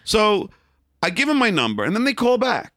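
A man's voice: high-pitched, huge pitch swings, moderate pace, a bit bright, no room sound, studio quality. A man telling a long story as a podcast guest, rambling and blunt with frequent restarts and swearing. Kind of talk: casual storytelling.

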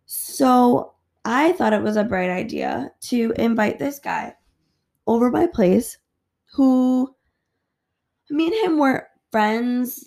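A woman's voice: a little high, vocal fry, darkish tone. A woman hosting a podcast who tells a personal story in a candid, rambling, profane way. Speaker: podcast host. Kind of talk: casual storytelling.

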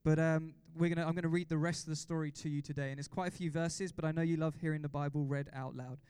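Male pastor, high clear voice, dry close sound; fired-up preacher who keeps quizzing the room. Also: fast, no room sound. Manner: excitable, exhorting congregation with repeated questions. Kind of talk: sermon.

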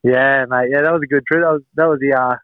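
Aussie bloke, 30s, rambling guest, dry phone sound. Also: male voice, medium pitch, fairly even intonation, quick pace, dry recording. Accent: Australian. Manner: laid-back, rambling. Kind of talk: casual chat. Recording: tinny phone line.

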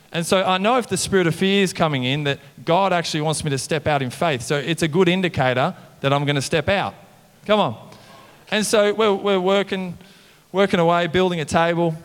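Animated male pastor in a reverberant hall. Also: a little high, clear, resonant tone. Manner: animated, conversational preaching with mimicked voices and "come on" refrains. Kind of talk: sermon.

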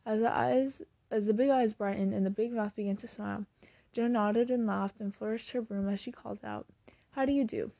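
Woman reading an old novel aloud, steady, low warm voice with some gravel, close dry mic. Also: fairly quick, dry recording. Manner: steady reading with occasional restarts. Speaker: audiobook reader. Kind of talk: classic novel read aloud.

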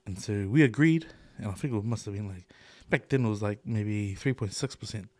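A middle-aged New Zealand man talks in a fairly low voice, loose and chatty, swearing and laughing as he goes. The sound is dry and close, with no room around it. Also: a little fast, a little mellow, no room sound. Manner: loose, swears a lot, laughs often, fillers like "eh" and "bro". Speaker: podcast co-host. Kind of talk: casual chat.

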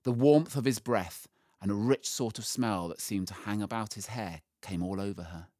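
A man reading a storybook aloud, slow and expressive, rising with the drama. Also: fairly low pitch, dry recording, studio quality.

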